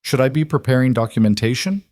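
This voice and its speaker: A man's voice: mid-range voice, lively intonation, fast talker, a little mellow, no room sound, clean studio sound, voice pushed up, lightly acted. A man voicing a polite, careful female executive assistant who speaks formally and deferentially.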